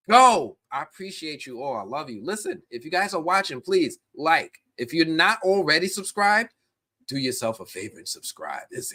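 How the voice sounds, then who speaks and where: Man, live stream host, bright voice, animated casual chat, middle pitch. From United States. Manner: animated, talks directly to chat viewers, many restarts.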